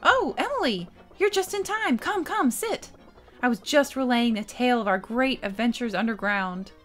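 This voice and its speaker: A woman's voice: fairly high pitch, lively intonation, normal speed, faint music behind, pitched above the performer's own voice, natural voice. A woman voicing a boastful older man who tells his adventures in a grand, theatrical way, reading video game dialogue aloud. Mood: delighted.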